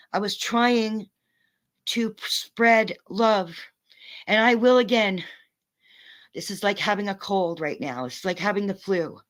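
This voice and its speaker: A woman streamer in an angry, profane rant at her viewers, talking in fast bursts. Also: fairly high pitch, a bit bright. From North America. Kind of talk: angry rant to a live audience.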